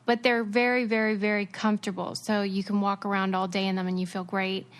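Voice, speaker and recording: A young woman co-hosting a podcast, brisk and enthusiastic as she chats and reads a sponsor segment. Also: medium pitch, little pitch movement. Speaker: podcast co-host. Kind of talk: casual chat and host-read ad.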